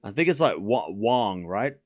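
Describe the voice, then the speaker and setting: This tennis watchalong streamer has a mid-range voice, a normal speaking speed, and a non-native English accent. He calls each point in quick bursts, answers his chat between rallies, and gets audibly excited when a big point comes.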